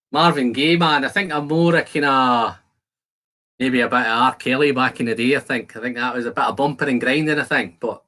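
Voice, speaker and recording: Chatty bright-voiced man hosting a livestream. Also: mid-range voice. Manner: chatty, jokey banter with viewers, reads comments aloud. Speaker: whisky livestream host. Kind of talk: casual live-stream chat while tasting whisky. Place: home shed.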